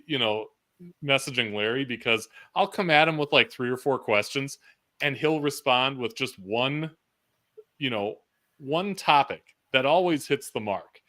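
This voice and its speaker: A man's voice: medium pitch, expressive, measured pace, sharp tone. A man hosting a podcast, talking in an easygoing, loose way with fillers while interviewing a guest. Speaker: podcast host. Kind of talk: casual interview chat.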